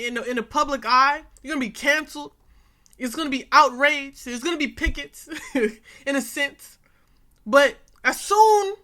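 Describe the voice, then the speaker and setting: A woman's voice: high voice, sharp tone. A young woman hosting a reaction video, talking in a casual, earnest way and repeating phrases for emphasis. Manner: frequent "you know what I'm saying" fillers.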